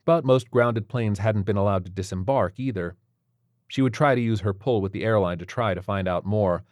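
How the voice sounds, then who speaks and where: Low-voiced male audiobook narrator. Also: moderate pace, no echo, studio quality.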